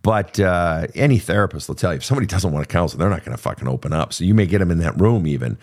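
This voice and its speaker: Male podcast host from Minnesota, low voice with a lively swing, blunt and salty advice-giver. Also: very fast. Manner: blunt and profane, animated. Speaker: podcast host answering listener questions. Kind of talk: casual advice talk.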